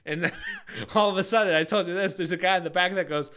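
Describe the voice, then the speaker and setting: Bright-voiced man telling a rambling story. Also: high-pitched, fast. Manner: rambling storyteller, laughs often. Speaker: podcast co-host. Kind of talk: casual chat.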